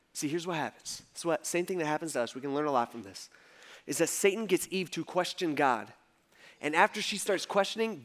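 Guy preaching casual-style, high voice, chatty and animated. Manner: conversational, animated, swinging soft to loud. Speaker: pastor. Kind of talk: sermon.

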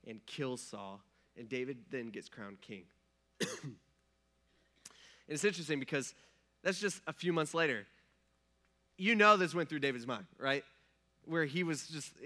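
A man's voice: on the high side, sharp tone. A man preaching a sermon, retelling a story in a conversational way and casually acting out the characters' lines. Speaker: pastor.

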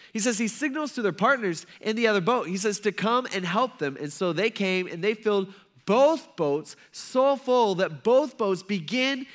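A man's voice: on the high side, a bit bright. A man as a pastor, telling a Bible story in a loose, conversational sermon style with lots of "like" and "right?".

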